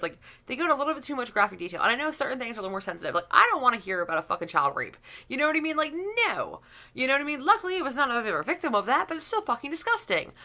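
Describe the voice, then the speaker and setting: A woman's voice: on the high side, bright, forceful tone. A woman YouTuber giving a blunt, profane opinion rant to camera, rambling with restarts.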